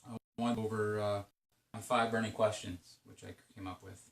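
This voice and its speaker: A man's voice: fairly low pitch, little pitch movement, brisk, creaky, fairly bright tone, roomy sound, recorded from a distance. A man talking through his league's trade-deadline day in a rambling, casual solo commentary, full of fillers and restarts. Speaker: video game league commentator.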